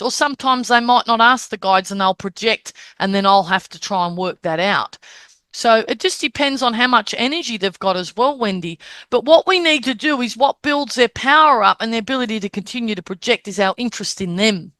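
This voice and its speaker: A woman medium teaches how spirit communicators are recognised, often checking in with listeners by asking "Okay?" and acting out the spirits' words and gestures. Her voice is on the high side, pushed and bright, at a moderate pace, and the recording is dry.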